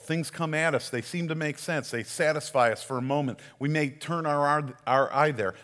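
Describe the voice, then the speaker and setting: A man's voice: medium pitch, fairly bright tone, in a large hall. A man giving a sermon as a community pastor, telling the story in a conversational way and often restarting his words.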